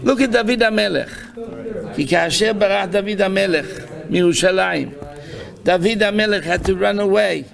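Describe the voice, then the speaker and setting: High-voiced rabbi teaching a live class. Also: male voice, fast, creaky. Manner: quotes Hebrew verses and translates them into English, animated storytelling. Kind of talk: Torah class. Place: synagogue study hall.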